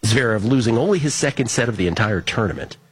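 A man's voice: medium pitch, expressive, breathy edge, no echo. Wry man hosting a sports betting show. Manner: wry, joking, reads names and stats quickly. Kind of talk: casual chat, reading listener tweets and an ad read.

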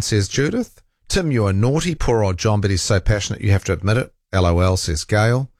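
A man's voice: fairly low pitch, dry recording, clean studio sound. A man hosting a talk radio show, reading out listener texts and arguing back in a rambling, self-correcting way.

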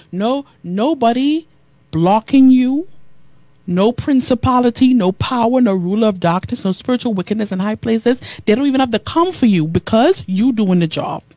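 A woman radio host preaching to listeners in a lively, repetitive style, reading out their texted comments. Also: a little high, no room sound. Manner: animated preacherly delivery, repeating phrases, reading comments aloud. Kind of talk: preaching talk show with listener texts.

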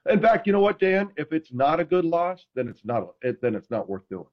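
A man telling stories in casual chat, animated and self-deprecating, acting out quotes. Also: on the high side, fairly quick, dull audio. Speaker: podcast host, former NFL quarterback.

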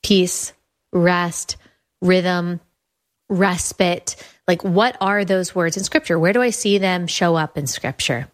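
A woman's voice: on the low side, slow pace. A young adult woman hosting her show, talking earnestly and enthusiastically and often restarting her phrases. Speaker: podcast host presenting her app. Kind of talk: casual talk.

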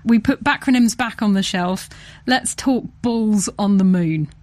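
A woman's voice: mid-range voice, measured pace, a little mellow, dry recording. Woman host, chatty and playful, mid-range voice, dry close mic. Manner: playful, chatty, laughs often. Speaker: podcast host. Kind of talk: casual science chat.

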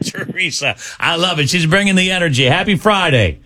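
A man hosting a radio morning show, running a quiz game with quick, joking banter and hyping up the caller. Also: high voice, lively intonation, noisy background.

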